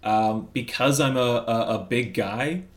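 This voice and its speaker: A man playing a tabletop game over a video call, animated and casual. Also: mid-range voice, a little slow, reverberant. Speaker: player. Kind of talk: tabletop role-play.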